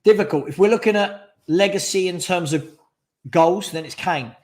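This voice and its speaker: A man's voice: high voice, moderate pace. A man hosting a live fan stream, chatting casually and giving strong opinions while reading out viewer questions. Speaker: fan channel host.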